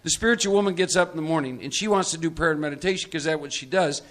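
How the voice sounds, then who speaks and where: A man's voice: fairly high pitch, very fast, fairly bright tone. A man from Texas leading a live recovery workshop, emphatic and teasing, often checking that listeners follow. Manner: emphatic, teasing, asks for agreement.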